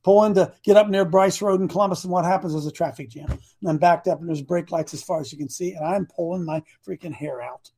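A man preaching a story-driven sermon, animated and bursting into shouts for emphasis. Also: sits high, quick pace, slightly rough.

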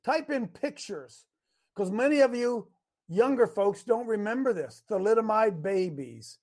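A male call-in host with a high voice. He talks in an animated way, sometimes slipping into mock dialogues to make his points. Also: measured pace. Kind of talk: call-in show talk.

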